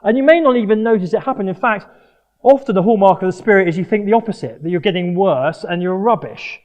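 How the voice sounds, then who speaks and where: A middle-aged man from Jersey giving a sermon at a Christian sports event, earnest and animated with self-mocking humour. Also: sits high, quick pace. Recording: dull lo-fi live talk recording.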